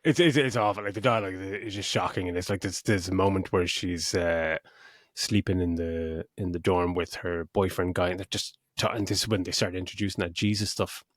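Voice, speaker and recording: A man's voice: low-pitched, fairly even intonation, brisk, no echo, studio quality. A man co-hosting a film review podcast, ranting in exasperation and swearing with laughs. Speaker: podcast co-host. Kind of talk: casual film review chat.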